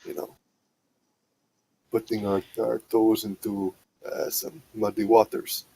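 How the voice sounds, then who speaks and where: A man with a gravelly, somewhat husky voice sits in on a tabletop game. He talks in a loose, laid-back way and rambles as he plans the party's next move. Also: fairly low pitch, flat delivery, takes it slowly, dark tone. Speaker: player. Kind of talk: casual tabletop game chat.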